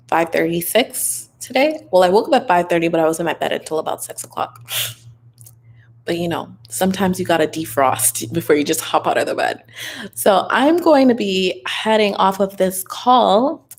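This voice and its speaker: A woman's voice: on the low side, gravelly, a little hiss or hum. A young woman casually chatting on a livestream Q&A, upbeat and advice-giving, a bit tired and loopy, with plenty of fillers. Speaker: online business content creator hosting a live Q&A.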